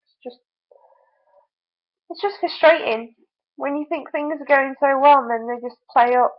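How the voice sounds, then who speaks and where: A woman's voice: sits high, a little slow. A young woman vlogger venting her frustration in a casual video diary, full of fillers. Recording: tinny phone-like audio.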